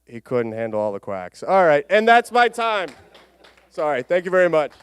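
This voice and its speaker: A man's voice: on the high side, animated, normal speed, clean tone, no room sound. A man presenting at a conference, playfully interviewing a mascot with mock-earnest questions. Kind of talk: comic stage interview.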